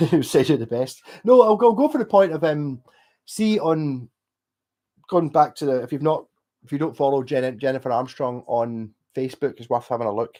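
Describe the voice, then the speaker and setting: A man's voice: medium pitch, normal speed, mellow. A drunk man with a Scottish accent, hosting a casual late-night livestream, rambling and swearing as he rants to viewers. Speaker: livestream host.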